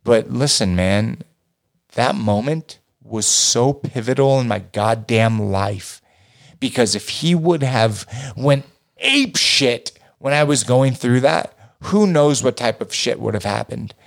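A man in a relaxed talk, recounting a story with plenty of cursing. He is animated and jumps up sharply in pitch when he plays his younger self. His voice sits at a middling pitch. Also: slow pace, creaky. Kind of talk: casual storytelling.

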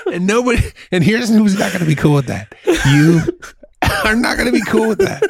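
Crude joking man with a lively voice. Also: high voice, brisk, gravelly, slightly rough, no room sound. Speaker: podcast co-host. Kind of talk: casual chat.

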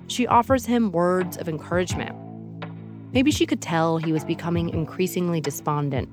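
A woman hosting a podcast, giving measured, dramatic scripted narration. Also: on the low side, over music. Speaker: podcast host.

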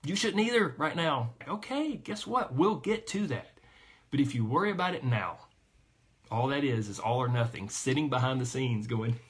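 A man's voice: mid-range voice, lively intonation, normal speed. A man coaching a weight loss group, talking energetically and emphatically to his listeners.

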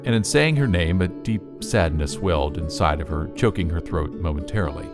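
A male audiobook narrator reading a children's story with a steady, even delivery. His voice sits low, and a clear music bed plays under it. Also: brisk.

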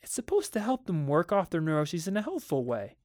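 A man's voice: fairly high pitch, very animated, brisk, a little mellow, no room sound, studio quality, pitched above the performer's own voice. A man voicing an anxious, questioning mother in a dramatic audiobook reading. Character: worried mother, uneasy wife.

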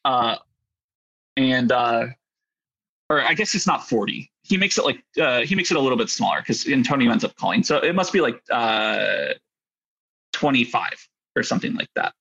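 A man's voice: mid-range voice, lively intonation, normal speed, gravelly, pushed and bright, muffled recording. A man casually telling a rambling story about poker hands, full of fillers and self-deprecating asides. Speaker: poker player guest.

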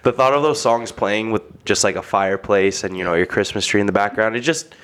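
A young man co-hosting a podcast, talking in a laid-back, casual way with easy swearing and drawn-out fillers. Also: on the low side, fairly bright tone. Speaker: podcast co-host. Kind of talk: casual chat.

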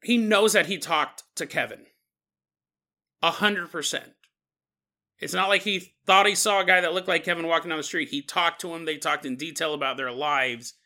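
A man's voice: a little high, moderate pace, sharp tone. A man hosting a podcast, telling a story in a casual, conversational way with lots of fillers. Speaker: podcast host.

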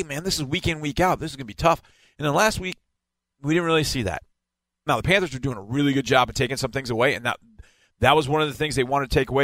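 A man breaks down a football game plan in an emphatic, hammering way, with a middle-pitched voice. He repeats key points to drive them home. His voice is close and dry, with no room sound. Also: a bit bright, dry recording. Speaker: football analyst.

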